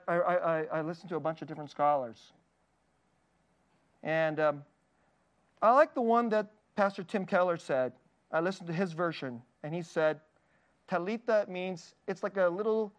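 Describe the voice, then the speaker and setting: Male pastor, high voice, earnest sermon delivery, warm laughs, gentle quiet dips. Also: clear, resonant tone. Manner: earnest, tender preaching with frequent laughs and soft dips.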